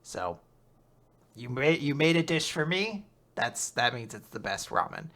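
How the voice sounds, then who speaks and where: A young man casually recapping a manga chapter, acting out the characters in quick voices and laughing often. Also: medium pitch, sing-song, sharp tone. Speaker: podcast host recapping manga. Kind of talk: casual chat.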